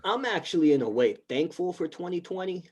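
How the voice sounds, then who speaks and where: A man co-hosting a casual podcast, talking in quick, animated bursts like a phone salesman. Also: sits high, breathy edge. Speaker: podcast co-host.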